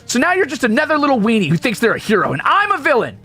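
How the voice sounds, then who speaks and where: A man doing a sneering troll girl, high. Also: huge pitch swings, very fast, husky, faint music behind, heavily acted. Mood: bitter. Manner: sneering, shouting. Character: bitter, scornful teenage alien troll girl.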